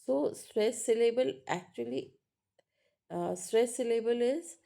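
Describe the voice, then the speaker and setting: Slow, mellow-voiced woman teaching. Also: on the high side, gravelly. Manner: halting, full of fillers and checking "right?". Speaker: English teacher. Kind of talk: spoken lecture on pronunciation.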